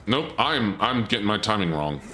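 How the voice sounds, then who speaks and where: A man's voice: fairly low pitch, big pitch swings, moderate pace, sharp tone, slight background noise. A male streamer chatting casually to his viewers and muttering self-critically while he plays a game. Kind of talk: casual gameplay commentary.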